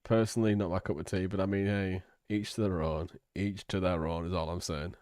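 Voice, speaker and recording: A man's voice: deep voice, little pitch movement, a little fast, darkish tone, no room sound, studio quality. A man giving rambling, crude, hesitant commentary on a livestream.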